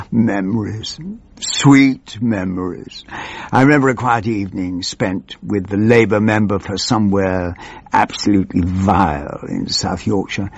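A man playing a doddering, pompous old politician who rambles and loses his thread, in a gravelly, husky voice. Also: on the low side, dry recording, dull audio, exaggerated voice. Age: older. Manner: meandering, wandering off and losing his thread. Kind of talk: comic character monologue.

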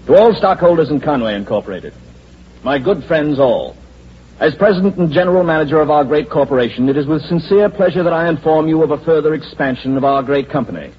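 A suave, scheming company boss. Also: male voice, fairly high pitch, lively intonation, fairly quick, husky. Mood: dictating. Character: smooth, scheming male corporation president, mocking. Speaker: company president. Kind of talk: 1940s radio acting. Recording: dull lo-fi old radio recording with faint hiss.

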